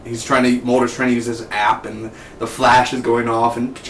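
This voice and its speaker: A man giving a casual spoken TV episode review, rambling and excitable and drifting into tangents. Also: mid-range voice, normal speed. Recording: roomy, distant mic, faint background noise.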